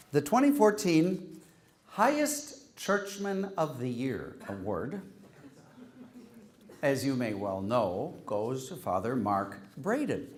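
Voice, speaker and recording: A man with a slightly raised pitch hosts a lighthearted awards segment at a gathering. He teases each honoree wryly and reads out mock Latin mottos. His delivery is that of a relaxed after-dinner speech. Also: a little hiss or hum. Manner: wry, teasing, reads Latin quotes aloud. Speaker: host handing out joke awards.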